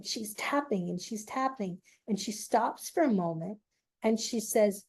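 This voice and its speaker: A woman telling an emotional personal story, speaking haltingly with long pauses and emphasis. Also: on the high side, warm tone.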